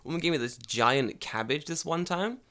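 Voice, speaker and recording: Animated, swearing man with a London accent. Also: fairly high pitch, moderate pace. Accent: London English. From England. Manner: animated, profane, comic storytelling. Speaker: podcast co-host. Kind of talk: casual storytelling chat.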